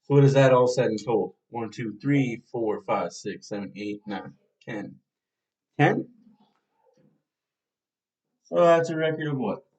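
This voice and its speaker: A man's voice: medium pitch, a little slow, long pauses, a little mellow, dull audio. A man hosting a fan podcast, casually previewing a hockey team's schedule and thinking aloud as he talks.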